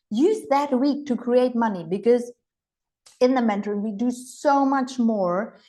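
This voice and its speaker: Unhurried and mellow, with a voice on the high side, this woman mentors on healing and money in a live online coaching session. German is her first language, and she is enthusiastic, playful, and exclamatory, acting out gushing voices.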